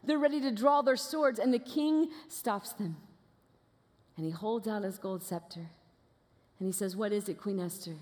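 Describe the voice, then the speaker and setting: A woman guest preacher giving a sermon as lively, conversational storytelling in a church auditorium. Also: on the high side, unhurried, pauses often. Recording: long reverb of a large hall.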